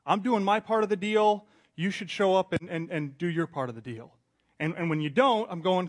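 A man in his thirties preaches with a slightly raised pitch, talking to his congregation as if in conversation. He drops to near-whispers, then climbs loud and high, often restarting his sentences. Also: brisk. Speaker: pastor. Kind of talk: sermon.

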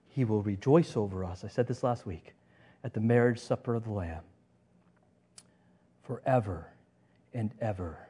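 A man preaching a sermon as a pastor, swinging from loud declarations to hushed words and repeating phrases for emphasis. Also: on the low side, husky.

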